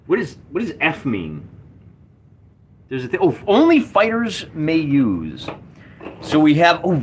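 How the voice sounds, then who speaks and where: A man's voice: fairly high pitch, slight background noise. A man casually talking through a solo tabletop game, enthusiastic and rambling as he rolls dice and checks tables. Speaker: solo wargamer running a game.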